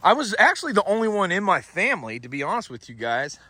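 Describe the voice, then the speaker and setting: Filmed on a phone held by a companion, a Florida paranormal vlogger with a Southern country drawl chats casually, rambling, joking, and swearing a lot. His voice sits high, sounds sing-song, pushed and bright, and he talks fast with no echo.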